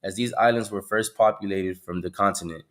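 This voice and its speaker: Lower-voiced man reading aloud haltingly. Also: fairly even intonation. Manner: reads aloud haltingly, stumbles over words. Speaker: reader in a Bible study.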